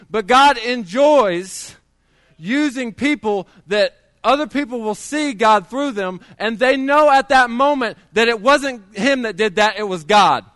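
A man's voice: very high-pitched, bright, forceful tone, dry recording, studio quality. A middle-aged man preaching a sermon, telling his testimony in a conversational way with many restarts.

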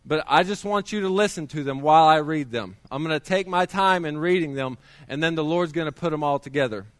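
A man's voice: a little high, brisk, dry recording, studio quality. A middle-aged man preaching a sermon, telling his testimony in a conversational way with many restarts.

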